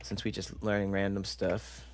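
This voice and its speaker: A man's voice: sits low, completely flat delivery, normal speed, slight background noise. A man hosting a casual live stream, joking with chat and stumbling over long science words as he reads them aloud. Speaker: livestream show host.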